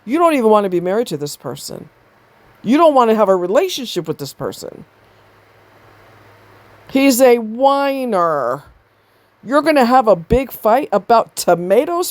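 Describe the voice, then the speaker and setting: A woman's voice: fairly high pitch, very animated, moderate pace, long pauses, dry recording. A woman giving a blunt, exasperated commentary on a video, swearing freely as she rants. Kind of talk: ranting commentary.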